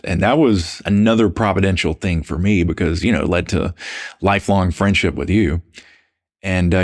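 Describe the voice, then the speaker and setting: A man speaks in a very low, gravelly voice. He tells stories as an interview guest, relaxed and anecdotal, and drops in a casual "man" or "dude" along the way. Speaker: podcast guest.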